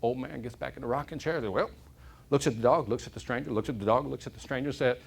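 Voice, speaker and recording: A man's voice: mid-range voice, quick pace, creaky, breathy edge. A man giving a motivational keynote to a live audience, telling stories and often asking the room questions. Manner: animated storyteller, asks the audience questions. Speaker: motivational speaker. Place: corporate event hall.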